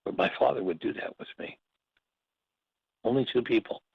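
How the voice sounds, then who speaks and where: A man's voice: medium pitch, normal speed, vocal fry, husky, no echo, narrow, tinny audio. A man teaching a workshop, telling stories and slipping into short acted quotes. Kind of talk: reflective spoken teaching.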